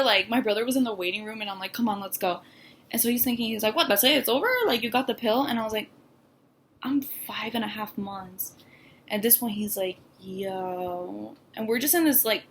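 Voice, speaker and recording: A young adult woman telling a personal story to camera in a candid, halting way, with many fillers and restarts. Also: medium pitch, a little hiss or hum. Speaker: vlogger.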